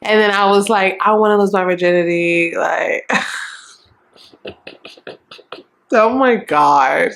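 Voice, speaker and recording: A young adult woman vlogger telling a storytime in a frank, animated and profane way, acting out what people said. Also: lowish voice, slow pace, gravelly, long pauses. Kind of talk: casual storytime.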